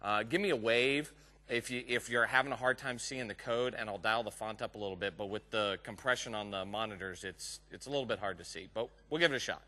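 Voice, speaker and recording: Bright-voiced Texan man giving a talk. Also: lowish voice, brisk. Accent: Southern US (Texas). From Texas. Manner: joking, chatty, teases the audience. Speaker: conference speaker. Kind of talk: live technical conference talk. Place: conference room with a live audience.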